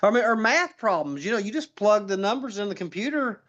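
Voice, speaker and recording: A man's voice: high-pitched, expressive, a little fast, a bit bright, highs cut off. A man chatting casually on a podcast, telling rambling stories with lots of restarts and laughing at his own punchlines. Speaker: political candidate guest.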